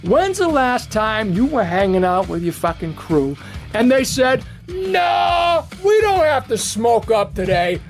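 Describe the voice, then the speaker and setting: A man cutting a trash-talk wrestling promo, profane and mocking, breaking into shouts. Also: very high-pitched, big pitch swings, measured pace, faint music behind.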